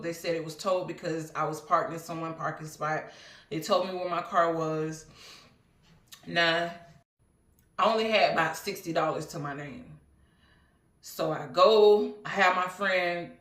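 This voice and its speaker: A woman's voice: fairly low pitch, a bit bright. Roomy, distant-miked woman telling her story. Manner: rambling, earnest, many fillers and asides. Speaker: vlogger. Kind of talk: casual personal storytelling.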